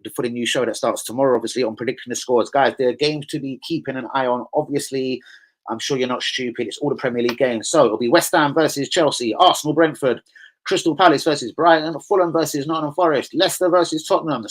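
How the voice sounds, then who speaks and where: A man's voice: mid-range voice, poor audio. Ranting man talking to his viewers. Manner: animated, swearing, ranting, streetwise slang. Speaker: channel host. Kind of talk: casual vlog chat to viewers.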